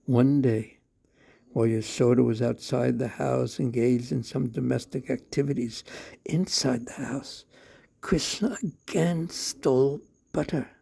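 A man narrating a devotional story in a slow, measured, devout manner. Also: mid-range voice, creaky, dark tone, husky.

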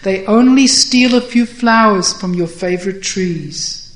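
A storyteller voicing a wise, gently teasing elderly woman, lifting the voice a little for her lines. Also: medium pitch, a little slow, lightly acted. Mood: playful. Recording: roomy echo.

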